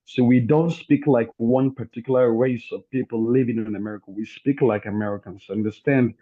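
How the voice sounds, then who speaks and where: A man's voice: medium pitch, fairly even intonation, a little fast. A man in an online debate, talking insistently and repeating his questions. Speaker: debate guest. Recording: tinny phone-like line.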